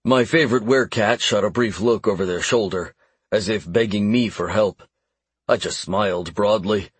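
Male audiobook narrator, expressive, husky tone, dry close-mic sound. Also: fairly low pitch, moderate pace, no echo. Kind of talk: first-person fantasy narration.

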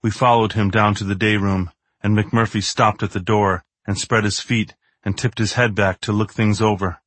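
Low-voiced man narrating a novel. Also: steady tone, normal speed, a bit bright, no echo. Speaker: audiobook narrator. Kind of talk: first-person novel narration.

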